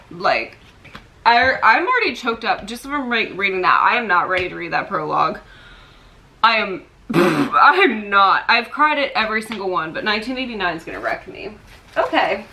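A young woman in a casual vlog, chatting excitedly and emotionally about her collection. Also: medium pitch. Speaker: vlogger showing a merch collection. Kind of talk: casual chat.

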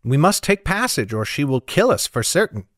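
A man's voice: fairly high pitch, very animated, moderate pace, a bit bright, no room sound, studio quality, voice pushed up. A man voicing a scornful streetwise young man. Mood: knowing. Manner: mocking, haughty.

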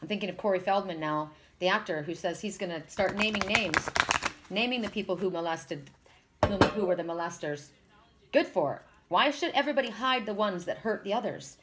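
Woman, oracle card reader, encouraging, rambling, restarts often, mid-pitched voice. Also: brisk, background noise. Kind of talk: spiritual card reading to viewers.

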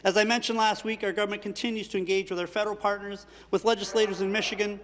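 Male minister, quick prepared answers, higher voice, echoing hall. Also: flat delivery, a bit bright. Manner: rapid formal speechmaking. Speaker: associate minister of energy. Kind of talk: parliamentary answer. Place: legislative chamber. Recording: reverberant legislative chamber.

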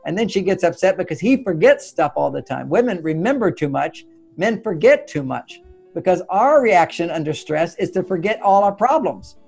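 An older man with a high, gravelly voice tells stories as a guest, acting out the voices of himself and his wife. Faint guitar music plays underneath. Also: lively intonation, normal speed, darkish tone. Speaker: relationship author as guest. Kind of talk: animated storytelling advice.

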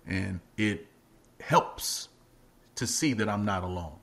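A man's voice: low voice, slow, gravelly. A middle-aged man, an actor and comedian guest, telling stories in a casual chat, acting out voices and laughing often. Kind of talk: animated storytelling in casual chat.

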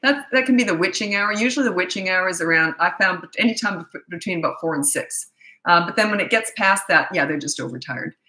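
A woman's voice: fairly low pitch, lively intonation, fast, pushed and bright, reverberant, rough recording. A middle-aged woman coaching parents in casual talk, blunt and emphatic, acting out the lines she quotes. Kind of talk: casual advice answering viewer questions.

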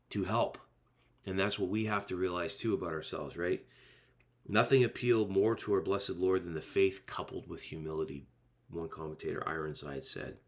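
A man's voice: low-pitched, fairly bright tone. A male pastor preaching a sermon in an earnest, emphatic way, driving points home with repeated rhetorical phrases.

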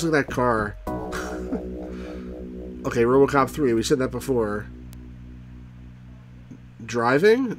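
A man hosting a let's play, giving casual, rambling commentary full of fillers and frequent chuckles. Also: medium pitch.

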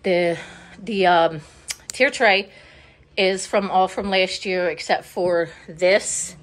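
Slow and steady in tone, a woman with a fairly low voice leads an offhand, rambling tour of her home's decor. She's filming indoors on a handheld phone and comes across slightly winded and sorry.

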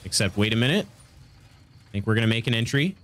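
A man's voice: lowish voice, sing-song, fast, fairly bright tone, slight background noise. A man streaming a video game, congested with a stuffy nose, chatting casually and laughing with his viewers. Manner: chatty, reacts to chat, laughs often. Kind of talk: casual gaming stream chat.

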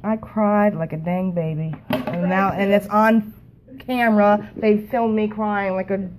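A woman talking to a phone camera in an emotional, halting way, often repeating herself. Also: mid-range voice, steady tone, background noise. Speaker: network marketing team member. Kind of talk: emotional casual talk to camera.

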